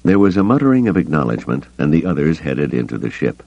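A man reading a novel aloud as an audiobook, expressive and voicing the characters, on a dull, lo-fi cassette recording. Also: rumbling low, fast talker, no echo. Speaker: audiobook reader. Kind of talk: scripted narration.

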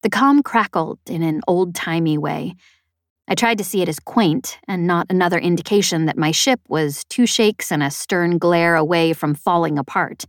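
A woman's voice: lowish voice, moderate pace, dry recording. Woman narrating a story in a dry voice. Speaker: audiobook narrator. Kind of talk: scripted narration.

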